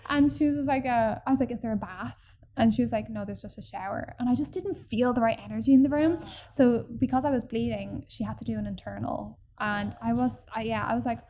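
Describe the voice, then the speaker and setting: A woman telling a personal story in casual podcast chat, animated and full of fillers. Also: a little high, a little fast, hardly any pauses. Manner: chatty and animated, acts out quoted people, many fillers.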